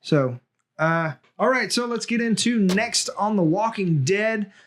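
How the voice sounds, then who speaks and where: A man's voice: sits high, expressive, unhurried, a bit bright, a little hiss or hum. A man hosting a casual fan discussion podcast, talking in a chatty way with lots of fillers and restarts. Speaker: podcast host.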